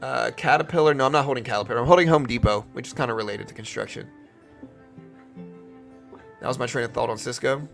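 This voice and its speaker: This young Louisiana man has a medium-pitched, gravelly, slightly bright voice and a slight local accent; he talks fast but pauses often. Faint music plays behind his casual live-stream commentary as he runs a trading stream and fields chat questions.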